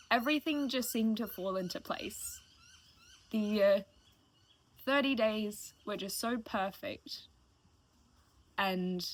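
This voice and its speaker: A woman's voice: a little high, a bit bright, no room sound. A woman in her late twenties talking casually and emotionally to her stream viewers, rambling and thankful. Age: late 20s. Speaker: live streamer. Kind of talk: casual heartfelt stream chat.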